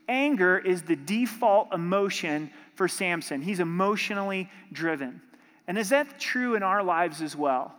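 A man preaching a sermon as pastor, impassioned and building to forceful emphasis. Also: high-pitched, expressive, moderate pace. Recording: long hall reverb.

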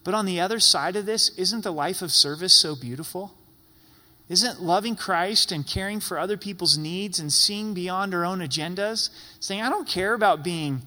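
In a church sanctuary, a male pastor preaches an emphatic sermon, repeating phrases for effect. His voice is high, bright, and forceful, and a long reverb fills the large church hall.

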